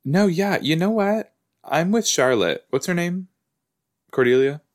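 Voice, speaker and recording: A man's voice: a little high, animated, measured pace. A man hosting a reaction video, chatting casually and exclaiming and asking questions at the screen as he watches.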